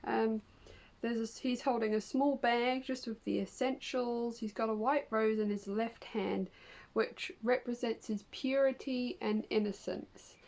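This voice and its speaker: A woman's voice: fairly high pitch, steady tone, unhurried, darkish tone, rough recording. Upbeat chatty woman reading tarot. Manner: chatty, filler-heavy, upbeat. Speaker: tarot reader. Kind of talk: casual tarot reading to camera.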